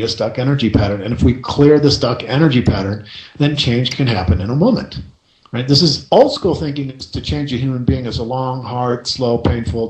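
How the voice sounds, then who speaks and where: A male radio host tells a story with lively energy and keeps checking in with the listener. His voice sits at an ordinary middle pitch, and the room around him has a noticeable echo. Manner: lively storyteller, rhetorical "right?" asides. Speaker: radio show host and success coach.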